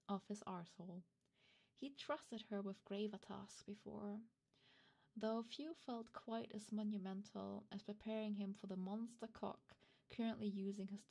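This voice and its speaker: Flustered woman streamer with vocal fry. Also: mid-range voice, a little mellow. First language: not English. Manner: hesitant, flustered, self-interrupting asides. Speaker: streamer host. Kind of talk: reading fan fiction aloud and chatting with viewers.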